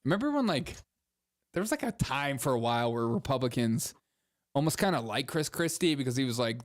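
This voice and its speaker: A man's voice: mid-range voice, big pitch swings, a little fast. Sarcastic male comedy podcast host. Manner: laughing, sarcastic, riffing. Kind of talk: comedic political commentary.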